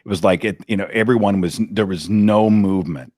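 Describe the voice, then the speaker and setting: A man telling a personal story in a dramatic, animated way, as a guest on an interview. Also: fairly low pitch, brisk, no room sound, studio quality. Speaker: podcast host, guest. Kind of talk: anecdotal storytelling.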